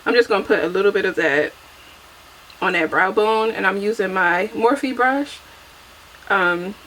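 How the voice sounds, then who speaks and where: A chatty young woman talks casually while doing her makeup at home, laughing at herself as she goes. Her voice sits at an ordinary middle pitch, picked up by a camera mic with a faint hiss underneath. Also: measured pace, a bit bright, poor audio. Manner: chatty and self-deprecating, laughs often. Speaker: beauty vlogger. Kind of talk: casual get-ready-with-me chat.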